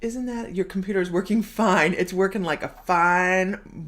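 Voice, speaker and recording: A woman's voice: on the low side, unhurried. A middle-aged woman hosting a casual live stream as a psychic medium, bubbly, laughing often and reading viewer comments aloud.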